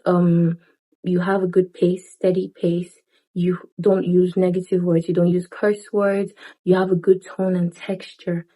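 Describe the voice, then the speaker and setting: A woman's voice: fairly low pitch, flat delivery, a little slow, warm tone, poor audio. A young woman talking casually to camera, giving chatty advice with playful asides and frequent laughs. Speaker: lifestyle vlogger.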